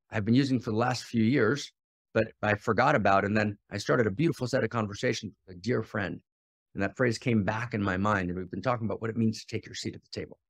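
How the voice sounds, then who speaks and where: A man hosting a spiritual teaching podcast, speaking passionately and shifting between loud exhortation and quiet, intimate asides, often repeating phrases for emphasis. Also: mid-range voice, no room sound, clean studio sound. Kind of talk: impassioned teaching talk.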